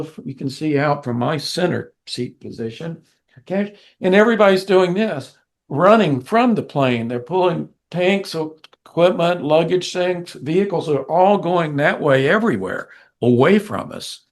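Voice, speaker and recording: An older man, a musician being interviewed, telling a story in an animated way and acting out the people in it. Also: on the high side, normal speed. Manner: animated, vivid storyteller who acts out quoted people. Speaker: guest musician.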